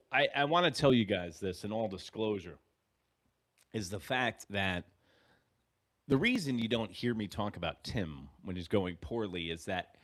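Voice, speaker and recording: A man hosting a live baseball fan stream, telling profane stories and breaking off to call plays excitedly. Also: mid-range voice. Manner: animated, profane storytelling with excited play calls. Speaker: host of a fan sports show.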